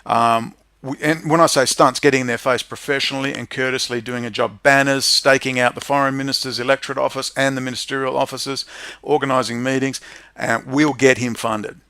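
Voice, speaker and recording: Male streamer, heated profane rant, mid-pitched voice, dry close sound. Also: fairly even intonation, brisk, no echo. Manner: profane, heated, swings between muttering and shouting. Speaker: livestream host. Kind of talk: ranting monologue to viewers.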